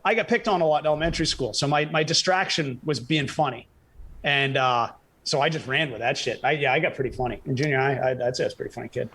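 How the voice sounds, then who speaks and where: A man with a slightly raised pitch tells stories in an animated, casual way, breaking into laughter as he goes. He grew up in New Hampshire and talks loosely as a podcast guest, full of fillers and quick asides. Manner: animated, acts out dialogue with bursts of laughter. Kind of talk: casual storytelling.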